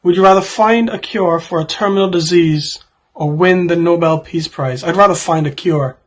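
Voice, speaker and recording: A man's voice: a little high, normal speed. A man in his twenties, a YouTuber, reading out would-you-rather questions and answering them in a rambling, joking way with offhand asides.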